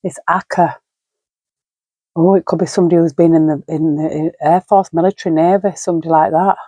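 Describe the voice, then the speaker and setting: A woman's voice: low voice, steady tone, fairly quick, mellow, no room sound. A woman in middle age giving a solo tarot reading at home, musing aloud, naming card words and sighing often. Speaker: tarot reader.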